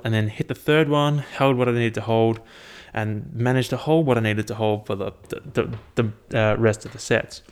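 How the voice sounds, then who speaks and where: A man's voice: lowish voice, fairly even intonation, moderate pace, smooth. A young man casually recapping his training, rambling and swearing freely in an upbeat way. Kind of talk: casual chat.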